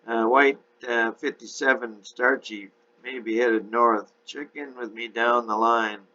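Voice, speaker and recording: A man voicing a friendly older gentleman with a Texas drawl, in a dull lo-fi recording. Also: mid-range voice, fairly even intonation, unhurried, pitched above the performer's own voice. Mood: genial. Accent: Texan. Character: short older Texan gentleman in a suit, smooth and friendly.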